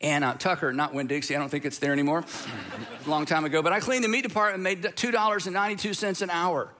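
An older man from the United States delivers a sermon with a high, bright, ringing voice. He talks conversationally, telling stories from his own life and slipping in light humor as he preaches. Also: steady tone, fast. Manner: conversational storytelling with asides and humor. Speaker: pastor.

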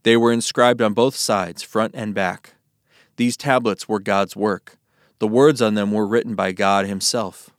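A man reading scripture aloud in a measured, solemn narration. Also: on the low side, fairly even intonation, dry recording, studio quality. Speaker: scripture reader.

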